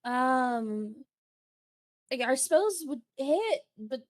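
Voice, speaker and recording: Woman player in a tabletop game, high voice, slow and halting. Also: expressive. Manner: hesitant, many restarts and fillers. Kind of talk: in-character tabletop role-play.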